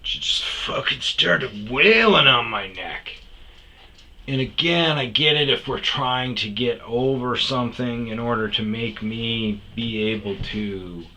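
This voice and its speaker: A man's voice: medium pitch, slow, pushed and bright, a little hiss or hum, low-quality recording. A man hosting a podcast, telling a story in a profane, heated rant that keeps restarting its sentences. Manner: swears often, restarts sentences, gets heated. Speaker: podcast host.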